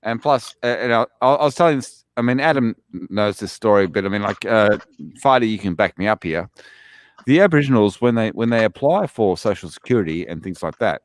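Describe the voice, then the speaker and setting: A man chatting casually, complaining in a halting way with many fillers. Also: lowish voice, lively intonation, no echo. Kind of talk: casual chat.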